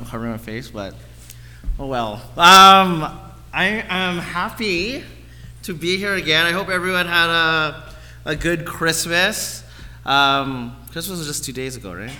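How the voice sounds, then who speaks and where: A man's voice: mid-range voice, bright, forceful tone, in a large hall, a little hiss or hum. A man in his thirties giving a casual, rambling sermon at a church, full of fillers, on a handheld mic. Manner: chatty, rambling, full of likes and ums. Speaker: guest preacher. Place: church hall.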